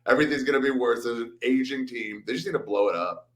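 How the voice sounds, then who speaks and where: A man's voice: medium pitch, fast talker, a bit bright. A man, a comedian, chatting casually as a guest, joking and self-deprecating with laughs. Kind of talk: casual chat.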